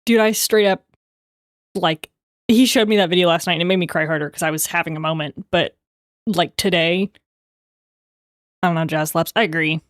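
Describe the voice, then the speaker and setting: A young adult woman livestreamer in rambling, casual chat, quick to laugh. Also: on the low side, no room sound, clean studio sound.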